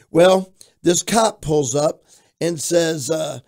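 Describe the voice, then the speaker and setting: An older pastor from Florida, telling his life story in an interview with an animated storytelling manner. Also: on the high side, normal speed. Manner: animated storyteller who shouts out quoted lines.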